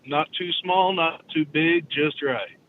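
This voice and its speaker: A man calling in while driving, easygoing and drawling. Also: slow pace. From Texas. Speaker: caller. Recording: muffled phone call with road rumble.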